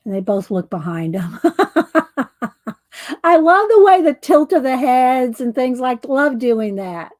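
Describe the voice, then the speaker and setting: Slow, chatty higher-voiced woman. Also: animated, a little mellow, no echo. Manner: rambling, chuckling, searching for words. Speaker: crafter showing her doll scenes. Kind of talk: casual chat.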